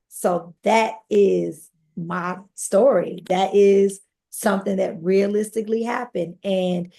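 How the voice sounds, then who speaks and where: A woman's voice: mid-range voice, creaky. A woman guest on a podcast, earnestly telling her own life story and speaking straight to the listeners. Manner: earnest, addresses listeners directly. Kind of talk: personal testimony storytelling.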